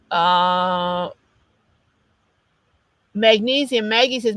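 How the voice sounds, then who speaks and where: In a casual livestream, a woman reads viewer comments aloud, apologetic and chatty, often restarting while her nose runs. The recording has no room sound, and her voice is medium-pitched and fairly bright.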